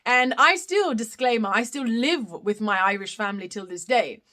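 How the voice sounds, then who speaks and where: A woman's voice: fairly high pitch, moderate pace, sharp tone. A woman in her thirties with an Australian accent, hosting a casual live-stream Q&A where she reads out comments and answers them, often giggling. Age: 30s. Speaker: live Q&A host.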